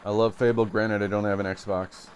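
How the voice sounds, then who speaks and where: A man with a fairly low voice chats casually while streaming a retro game live. He sounds relaxed and laughs easily. Faint noise sits under his voice. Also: normal speed.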